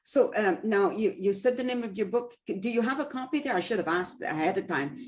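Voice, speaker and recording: A woman hosting an interview over a video call, chatty and quick to apologize, with self-deprecating asides. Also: mid-range voice, animated. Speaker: interview host. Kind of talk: casual conversational interview.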